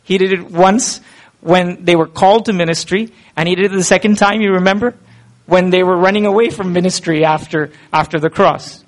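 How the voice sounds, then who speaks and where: A man with a high voice preaches a sermon. He talks earnestly and conversationally, and he keeps asking his listeners questions. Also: steady tone, brisk.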